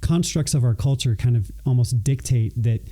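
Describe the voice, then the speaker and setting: A man hosts the conversation in a deep, mellow voice at a middle pitch. He asks thoughtful questions, often restarting his phrases as he works his ideas out. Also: moderate pace. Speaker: podcast host. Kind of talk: interview questions.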